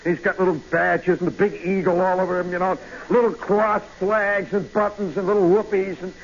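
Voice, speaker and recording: A man hosting a radio show, telling a long story in a rambling, animated way, full of asides and "you know"s. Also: sits high, brisk. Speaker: radio host. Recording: muffled old radio broadcast with faint hiss.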